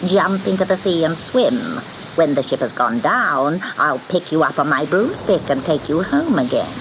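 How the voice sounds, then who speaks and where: A scheming sea witch , put on by a woman, drawls her curses slowly in a sing-song chant. She turns short and snappish when crossed. Faint hiss runs under the storybook recording. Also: sits low, very animated. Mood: coaxing. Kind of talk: storybook narration.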